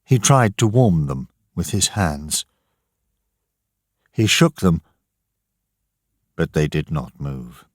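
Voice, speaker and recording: Slow, lively-voiced male storyteller. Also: a bass voice, dry recording, clean studio sound. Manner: measured and deliberate. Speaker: narrator. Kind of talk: slow, expressive storybook narration.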